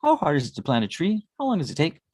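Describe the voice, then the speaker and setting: A man's voice: on the high side, wildly swooping pitch, fast, a little mellow, no echo. A man in his thirties, a tarot reader, talking in a casual, rambling monologue and swearing often. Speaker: tarot reader and spiritual consultant.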